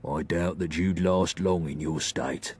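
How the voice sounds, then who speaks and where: Brief: sly London gang boss, very low husky drawl, played by a man, faint music behind. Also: steady tone, unhurried, a little mellow. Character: smooth-talking male London gang leader.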